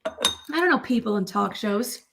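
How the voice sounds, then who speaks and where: A woman's voice: a little high, animated, unhurried, gravelly, noisy background. A woman co-hosting a live whiskey tasting, chatting bluntly and playfully. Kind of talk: casual livestream banter.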